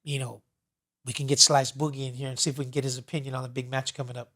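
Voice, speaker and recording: A man's voice: medium pitch, little pitch movement, fast, a bit bright. A man hosting a casual radio talk show, rambling through anecdotes with offhand asides. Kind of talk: casual storytelling chat.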